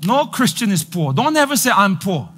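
A male pastor preaching a sermon, repeating lines for emphasis and building to loud declarations. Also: sits high, sing-song, normal speed, breathy edge, faint music behind.

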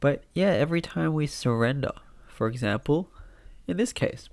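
A man with a blocked nose and a nasal voice, giving a gentle, reflective spiritual talk. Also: a little high, expressive, moderate pace, vocal fry.

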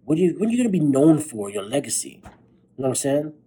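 A man's voice: on the high side, sing-song, fast talker, mellow, husky, poor audio. A young man hosting a podcast, giving a blunt, profane motivational monologue late at night while tired. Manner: blunt, profane, fired-up pep talk. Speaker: podcast host.

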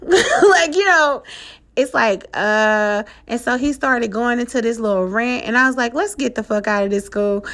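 Animated high-voiced woman telling a story. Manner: animated, swearing, laughing often, loud high outbursts. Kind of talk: casual storytelling vlog.

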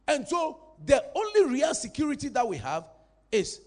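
High-voiced man preaching. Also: moderate pace. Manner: animated, playful, calls for congregation response. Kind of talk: sermon.

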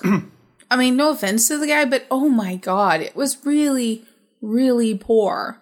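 A woman co-hosting a casual movie review chat, frank and dismissive, talking in quick animated bursts. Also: on the high side. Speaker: podcast co-host reviewing a movie.

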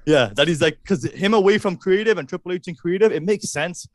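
Fast-talking excitable Canadian man. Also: high voice. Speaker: podcast guest. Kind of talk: casual chat.

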